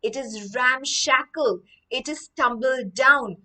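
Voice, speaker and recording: Bright-voiced woman teaching English. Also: high-pitched, slow, far from the mic, rough recording. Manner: explains each phrase after reading it. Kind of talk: storytelling vocabulary lesson.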